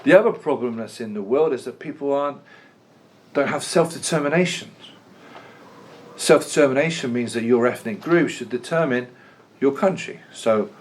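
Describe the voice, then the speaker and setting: A man's voice: mid-range voice, darkish tone. A man teaching a history lesson in a chatty, jokey way, often restarting his sentences. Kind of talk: classroom lecture.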